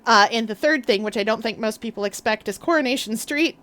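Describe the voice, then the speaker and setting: Brisk and fairly bright, this high-leaning female voice belongs to a young woman from the Canadian Maritimes. She's gaming on a live stream, chatting casually, giggling frequently, and rambling off on tangents.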